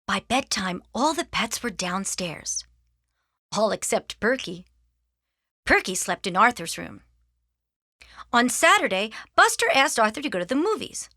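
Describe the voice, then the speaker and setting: A woman reading a children's storybook aloud in an expressive, sing-song manner. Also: on the high side, unhurried, long pauses, dry recording, clean studio sound. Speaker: audiobook reader. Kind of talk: storybook narration.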